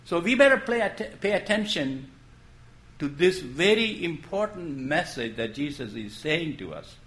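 A man preaching a sermon in a gentle storytelling way, posing questions and then dropping his voice to make a point. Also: on the high side, animated, unhurried. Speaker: pastor.

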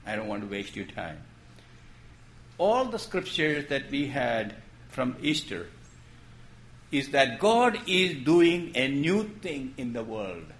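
Slow, expressive male preacher. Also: mid-range voice. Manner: gentle, storytelling preacher with rising questions and soft drops. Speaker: pastor. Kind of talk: sermon.

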